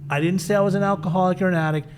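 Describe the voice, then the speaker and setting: A middle-aged man with a somewhat high-pitched voice tells his own story in a relaxed, candid interview. He is animated, swears casually, and acts out the people he quotes. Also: racing, slight background noise. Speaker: guest sharing his recovery story.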